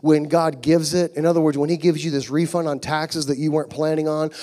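Fervent preacher man, hushed to shouting. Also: fairly high pitch, flat delivery, brisk. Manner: swings from hushed to shouting with rising fervor. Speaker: pastor. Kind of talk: sermon. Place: church sanctuary.

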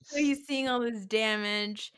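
A woman retells a film plot in casual chat, slipping into quick acted-out lines and swearing freely. Her voice sits close and dry, with no room sound. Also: a little high, clean tone, no echo. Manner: animated storytelling, acts out quotes, swears freely. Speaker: podcast co-host recapping a film.

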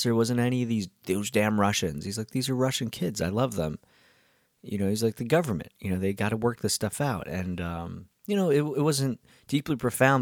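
A man with a lowish voice hosts his own podcast and chats casually about his week. He wanders from thought to thought with lots of ums and false starts. The sound is close and dry, with no room around it. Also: no room sound. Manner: rambling, with many ums and restarts. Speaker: podcast host and musician. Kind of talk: casual storytelling monologue.

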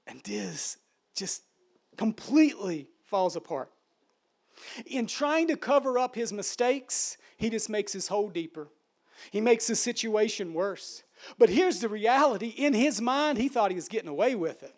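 A man with a very high voice preaches a sermon. He delivers it emphatically, dropping to a hush and then rising forcefully. He often repeats words while building a point. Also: animated, measured pace. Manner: emphatic, dramatic swings between soft and loud.

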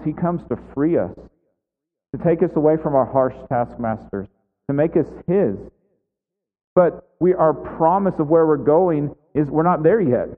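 A man preaching a conversational sermon as a pastor, full of casual fillers. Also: a little high. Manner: conversational, many "like" and "right" fillers. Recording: echoey hall, tinny phone-like sound.

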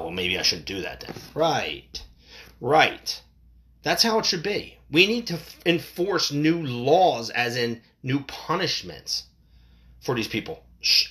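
An adult parent delivering a heated, profane opinion rant to camera, voice jumping higher when worked up. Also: fairly bright tone.

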